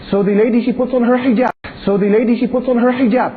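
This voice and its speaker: Man, preacher, very high voice, tinny phone-like recording, dramatic storytelling. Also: steady tone, fast talker, few pauses. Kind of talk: religious talk.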